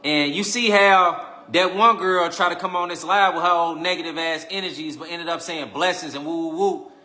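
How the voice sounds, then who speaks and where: A man hosting a live stream, preaching casually and teasing his viewers, repeating his lines and swinging between loud calls and quiet asides. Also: fairly high pitch, fairly even intonation, moderate pace. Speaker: livestream host.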